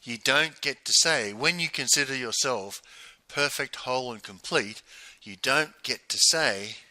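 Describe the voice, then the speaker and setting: Bright, forceful male business coach. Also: medium pitch, unhurried, dry recording. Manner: emphatic, repetitive, rhetorical questions. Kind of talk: motivational monologue.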